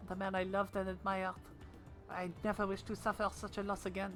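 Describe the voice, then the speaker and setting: A woman voicing a polite, earnest young goldsmith woman in a put-on British accent, with a formal and gentle delivery. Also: mid-range voice, level tone, brisk, faint music behind, natural voice, rough recording. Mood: solemn.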